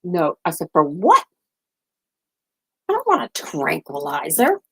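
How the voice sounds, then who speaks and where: A woman's voice: low-pitched, huge pitch swings, unhurried, vocal fry, pushed and bright, slightly rough, low-quality recording. An older woman hosting a casual chat, telling family stories in a chatty way, laughing often and acting out what her family said. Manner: chatty storytelling, laughs often, acts out family members' lines. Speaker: host.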